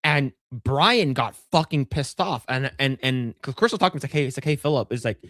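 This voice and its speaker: A man co-hosting a casual livestream, spinning a long anecdote in loose, profane talk. He stumbles and restarts often, and his voice sits at an ordinary middle pitch. The sound is dry and close, with no room around it. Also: animated, a little fast, fairly bright tone, dry recording. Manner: rambling, profane storytelling with many restarts. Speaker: podcast co-host.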